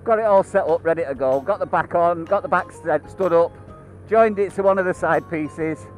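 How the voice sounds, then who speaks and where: High-voiced laughing British man vlogging. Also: moderate pace, faint music behind, rough recording. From United Kingdom. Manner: laughs often, swears constantly, rambling. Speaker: motorcycle vlogger. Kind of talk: casual chat to camera.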